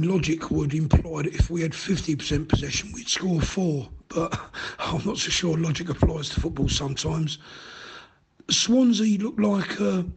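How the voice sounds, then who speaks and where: A man's voice: fairly high pitch, background noise. A man leaving a casual voicemail, thoughtful and dryly reasoning.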